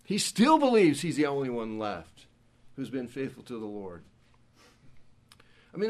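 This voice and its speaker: A pastor preaching a sermon, who moves between hushed, quiet passages and loud, emphatic ones. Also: male voice, mid-range voice.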